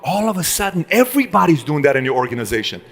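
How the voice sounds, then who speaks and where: A man's voice: a little high, big pitch swings, quick pace, gravelly, in a large hall. A man giving a live motivational speech to a room, punchy and full of rhetorical questions. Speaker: motivational speaker.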